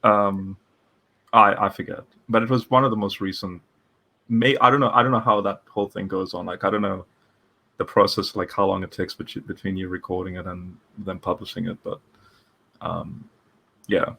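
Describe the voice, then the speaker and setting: A man's voice: low voice, fairly even intonation, normal speed, creaky, pushed and bright. A man hosting an interview over a video call, talking casually and rambling with frequent restarts. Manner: rambling, many restarts and fillers. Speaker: podcast host interviewer.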